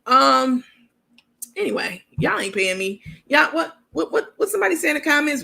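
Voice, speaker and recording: A woman's high, creaky voice swings widely in pitch, sounding pushed and bright at a moderate pace. As a college-educated adult commentary host with a New York accent, she chats and rambles in a casual livestream style, reading viewer comments along the way.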